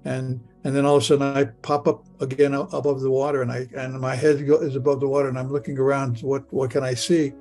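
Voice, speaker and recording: An older man from Michigan recounts a personal testimony in the present tense. His voice is gravelly and creaky, pitched in an ordinary middle range. He halts, stammers and repeats words as he speaks. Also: little pitch movement, fast talker, hardly any pauses, darkish tone, soft background music. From Michigan, USA. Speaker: interviewee recounting a near-death experience.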